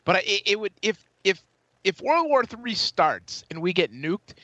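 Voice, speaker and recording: Tipsy guy ranting and swearing on a podcast, bright sharp voice, dry dull lo-fi sound. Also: high voice, sing-song, normal speed, dry recording. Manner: profane, ranting storyteller. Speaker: podcast co-host. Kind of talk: casual chat.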